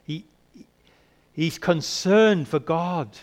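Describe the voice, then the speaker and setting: Preacher posing rhetorical questions. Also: male voice, fairly high pitch, very slow. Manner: rhetorical questions, emphatic swings in loudness. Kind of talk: sermon.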